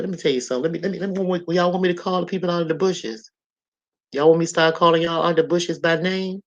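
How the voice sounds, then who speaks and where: Greeting chat viewers in a bright, lively manner, this livestream host keeps the talk casual, preaching life advice and repeating phrases for emphasis. The voice is mid-range, and the highs are cut off.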